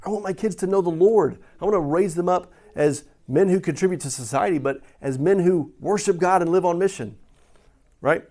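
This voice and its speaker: A man's voice: sits high, normal speed, dark tone. A middle-aged man preaching a sermon in a conversational way, asking questions and often checking in with "right?". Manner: conversational, asks questions and tags lines with "right?". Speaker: pastor.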